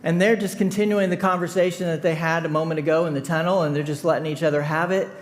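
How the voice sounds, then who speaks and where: Male pastor, Midwestern American accent, higher voice, animated storytelling sermon. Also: fast. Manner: animated storyteller, laughing, shouting in retold scenes. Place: church sanctuary.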